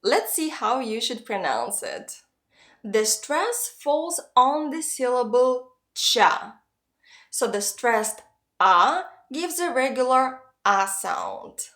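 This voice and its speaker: A woman teaching pronunciation, explaining each sound slowly and carefully. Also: high voice, very animated, fairly bright tone. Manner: slow, careful, clearly spelling out sounds. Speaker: Russian language teacher. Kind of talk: pronunciation lesson.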